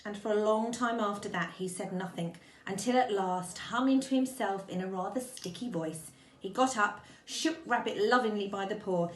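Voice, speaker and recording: Teacher reading a storybook in an echoey room. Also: female voice, medium pitch, moderate pace, slight background noise. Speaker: primary school teacher. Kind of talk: storybook read-aloud for children. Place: at home.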